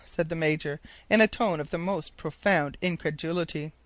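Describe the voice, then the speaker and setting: A man narrating an audiobook in a measured, steady storytelling manner. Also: fairly high pitch, no room sound. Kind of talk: scripted narration.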